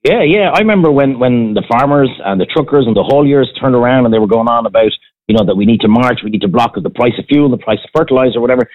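A man's voice: mid-range voice, animated, fast talker. An Irish man, a former restaurant owner, ranting bluntly in a casual chat as a podcast co-host. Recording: dry, phone-like band.

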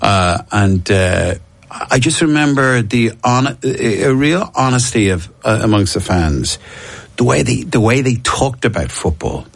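A middle-aged Irish man speaks at medium pitch with lively intonation, a measured pace and vocal fry, with no echo. Chatting casually, he tells long, meandering stories, often restarting and chuckling.

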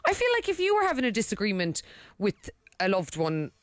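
A woman's voice: mid-range voice, a little fast, dry recording. A woman co-hosting a radio show, chatting playfully and animatedly. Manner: animated, playful, self-described empath. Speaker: radio co-host. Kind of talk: casual chat.

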